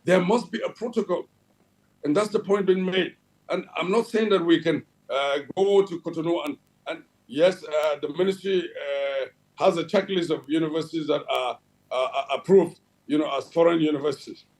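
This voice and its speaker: A man's voice: fairly high pitch, normal speed, darkish tone, rough recording. A Nigerian man heading a regulatory agency, answering in a TV interview in a formal official tone, with many fillers and restarts. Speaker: head of a regulatory agency, guest. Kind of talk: television interview.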